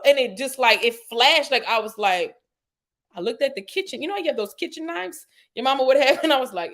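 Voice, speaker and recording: Lady on a podcast telling her story, chatty, lots of fillers, voice shoots way up on quotes. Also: fast talker. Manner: animated retelling, acts out quotes with sharp pitch jumps; frequent "you know" and "like" fillers. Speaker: podcast guest.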